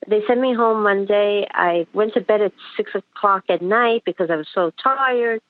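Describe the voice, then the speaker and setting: A middle-aged woman calling in while sick and tired, speaking haltingly with many fillers. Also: medium pitch, no echo. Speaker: caller. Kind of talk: phone call. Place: New York. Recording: tinny phone line.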